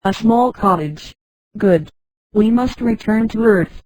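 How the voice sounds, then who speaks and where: A computer-voiced woman reading the lines of a blunt, restless man who craves city life, in a flat delivery. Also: mid-range voice, takes it slowly, no echo, close to an everyday voice, low-quality recording.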